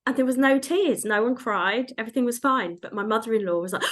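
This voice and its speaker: A woman in her thirties hosts a podcast, her voice fairly high and a bit bright. She chats casually, laughing often while sharing family stories.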